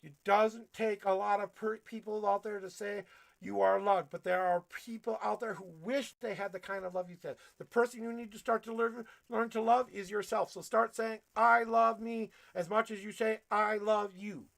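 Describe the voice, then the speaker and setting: A man giving a blunt, profane tarot reading on a livestream, preaching at his viewers and working himself up to yelling. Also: sits high, fairly even intonation, moderate pace, vocal fry. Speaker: tarot reader.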